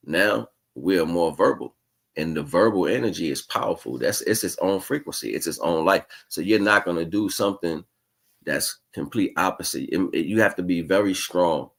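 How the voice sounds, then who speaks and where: A man with a very low voice talks through a spiritual livestream monologue. His delivery is casual and slangy, winding along with restarts. He keeps checking in with the listener as he muses. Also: a bit bright. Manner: casual, slangy, keeps asking "you know what I'm saying"; rambling, musing delivery with restarts. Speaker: livestream host.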